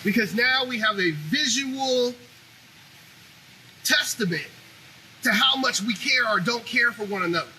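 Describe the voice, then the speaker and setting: Man, show host, very high pitch, sharp piercing tone, animated profane rant. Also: measured pace, pauses often, slight background noise, low-quality recording. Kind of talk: opinionated monologue.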